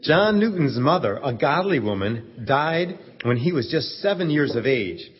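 A man narrating a story in a steady, earnest way, in a dull stage recording. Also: a little high, breathy edge. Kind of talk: scripted narration. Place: church event stage.

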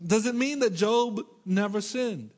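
Middle-aged male pastor, very high pitch, emphatic sermon delivery with playful asides. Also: measured pace, a little mellow. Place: church with congregation.

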